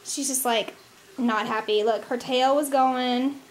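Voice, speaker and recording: Young mother, very high voice, chatty family vlogger with a handheld camera; noisy home video. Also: steady tone, measured pace. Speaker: mother filming her family. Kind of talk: casual family vlog. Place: at home, indoors and outside.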